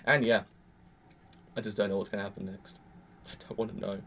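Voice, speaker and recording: A man's voice: lowish voice, flat delivery, a little fast, fairly bright tone, slight background noise. A young man rambling through an emphatic, exasperated reaction review. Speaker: anime reviewer. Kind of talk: casual reaction commentary.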